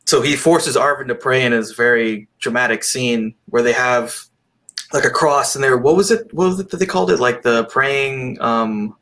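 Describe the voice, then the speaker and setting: A man in easy conversation about a film he has just seen. He rambles and talks with animation, throwing in a casual curse here and there. His voice sits at an ordinary middle pitch. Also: normal speed, fairly bright tone. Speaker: podcast co-host. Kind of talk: casual movie review chat.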